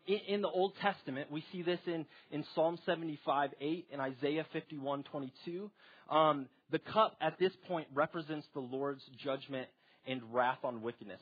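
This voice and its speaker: A man's voice: a little high, husky. A young man giving a casual Bible teaching, talking conversationally with plenty of fillers. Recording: dull lo-fi recording.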